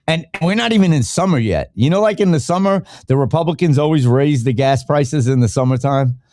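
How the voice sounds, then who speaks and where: A man's voice: a little high, expressive, a little fast, a little mellow, dry recording. A man, hosting his podcast alone in a heated, profane rant. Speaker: podcast host. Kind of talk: ranting solo podcast talk.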